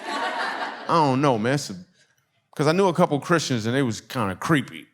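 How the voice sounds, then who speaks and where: A man from Michigan doing stand-up storytelling in a church, animated and conversational, laughing through his punchlines. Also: medium pitch, fairly quick. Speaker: comedian.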